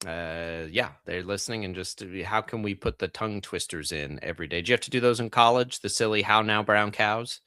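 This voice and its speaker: A man's voice: fairly low pitch, brisk, hardly any pauses, bright, forceful tone, clean tone, no room sound, studio quality. A young man from Texas hosting sports radio, chatting casually with lots of fillers and self-deprecating asides. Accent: General American, trained out a Texas twang. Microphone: studio broadcast mic.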